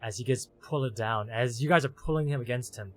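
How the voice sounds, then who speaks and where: A man's voice: medium pitch, brisk, slight background noise. A man running a tabletop role-playing game, narrating the scene in long run-on sentences strung together with "as". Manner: run-on storytelling, strings clauses with "as". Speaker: game master.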